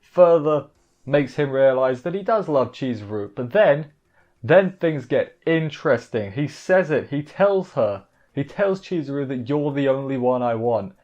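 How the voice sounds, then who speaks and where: A man giving a casual, excitable episode recap review, often breaking off mid-sentence to restart. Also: medium pitch, a little slow, dull audio. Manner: excitable, exasperated, self-interrupting. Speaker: anime reviewer.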